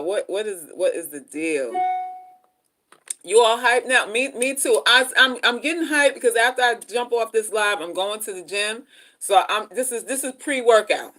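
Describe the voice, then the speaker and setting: A middle-aged woman chatting casually on a livestream from home, animated and slangy as she reads viewer comments aloud. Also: fairly high pitch, moderate pace. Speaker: livestream host.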